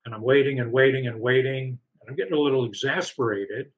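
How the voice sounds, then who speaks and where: A man's voice: mid-range voice, fast talker, slightly rough, dull audio. A man casually recounting his dealings with a publisher, exasperated, sometimes mimicking the staff's replies. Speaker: author telling a complaint. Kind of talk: casual storytelling.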